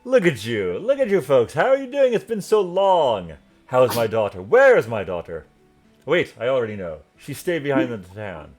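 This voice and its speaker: A man voicing a boisterous, jolly middle-aged noble knight in a tabletop game, loud and hearty. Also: mid-range voice, very animated, moderate pace, faint music behind, voice pushed up.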